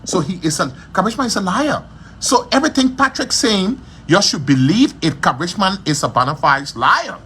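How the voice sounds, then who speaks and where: A man's voice: high-pitched, sing-song, moderate pace, sharp tone, slightly rough. A man hosting a gossip livestream from his shop, talking in a scornful, repetitive way. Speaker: livestream host.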